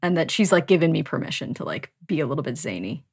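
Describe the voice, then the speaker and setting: A woman's voice: low voice, big pitch swings, fast talker, creaky, husky. A woman hosting a book podcast, chatting casually, laughing often and swearing freely. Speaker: podcast host.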